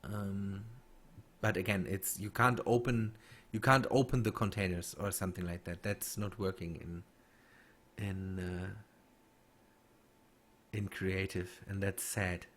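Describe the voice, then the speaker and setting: A man streaming a game and chatting with viewers, halting and restarting as he reads chat. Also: low-pitched, fairly even intonation, fairly bright tone. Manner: halting, many restarts and fillers while reading chat. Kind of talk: casual gameplay stream chat.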